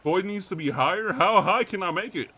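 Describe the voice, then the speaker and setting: A man's voice: high-pitched, expressive, a little fast, pushed and bright, breathy edge. Joking, incredulous young male streamer. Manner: incredulous, joking, swearing, reading chat. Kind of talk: casual streaming chat.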